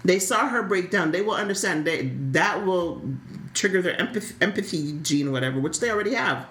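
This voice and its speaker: A woman co-hosting a casual podcast chat, animated, often repeating words as she starts a thought. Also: on the low side, brisk, reverberant. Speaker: podcast co-host. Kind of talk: casual chat about a soap opera.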